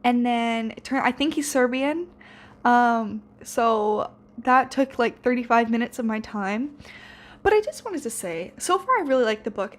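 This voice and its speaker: A seventeen-year-old girl chatting casually in a reading vlog, rambling with lots of fillers and restarts. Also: a little high. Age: teens. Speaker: book vlogger.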